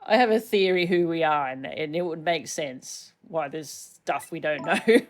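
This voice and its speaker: A woman's voice: low-pitched, unhurried. A woman streamer giving playful, chatty commentary while playing a game. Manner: chatty, playful, laughs between lines.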